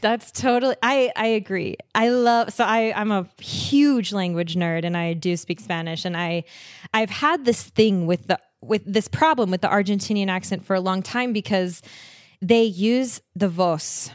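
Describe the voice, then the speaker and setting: A woman's voice: medium pitch, measured pace, dry recording, studio quality. A woman guest on a podcast, chatting enthusiastically about travel and laughing often. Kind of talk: casual interview chat.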